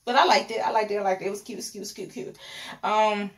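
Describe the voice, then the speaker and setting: A woman's voice: mid-range voice, fairly even intonation, racing. A young woman talks through a reality show episode. She is chatty and opinionated, repeats phrases and laughs often. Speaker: reality TV reviewer. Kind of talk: casual chat.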